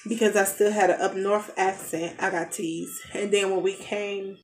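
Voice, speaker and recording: A woman's voice: mid-range voice, steady tone, moderate pace. Mom in her 30s just chatting away at home, loose rambly storytelling, noisy background hiss. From United States. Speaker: family vlogger, mother. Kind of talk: casual chat. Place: home basement.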